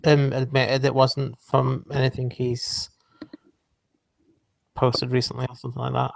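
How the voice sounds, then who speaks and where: A man co-hosting a casual chat, speaking in a hesitant, dry way with many pauses and ums. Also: medium pitch, completely flat delivery, vocal fry, dry recording. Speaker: podcast co-host.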